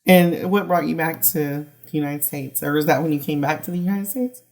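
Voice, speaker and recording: A woman's voice: deep voice, brisk, crowd noise. A woman hosting a podcast, listening closely and asking open questions. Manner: attentive listener, short backchannels and open questions. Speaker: podcast host. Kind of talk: interview questions.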